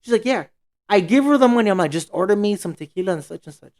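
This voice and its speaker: A man's voice: sits high, expressive, fast talker, a little mellow. A man co-hosting a podcast, telling a story in casual, profane slang and acting out what everyone said. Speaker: podcast co-host.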